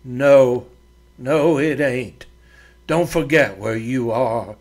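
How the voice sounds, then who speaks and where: A man's voice: mid-range voice, very slow. A man voicing a work-hardened frontier ranch wife who talks bluntly and threateningly in a rural drawl.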